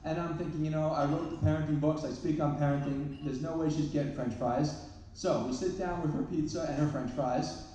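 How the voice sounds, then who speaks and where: A man's voice: on the high side, steady tone, fairly quick, warm tone, slight background noise. A man, a therapist and parenting speaker, giving a humorous live talk full of self-deprecating stories. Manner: storytelling with self-deprecating jokes. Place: large event hall. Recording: echoey hall, distant mic.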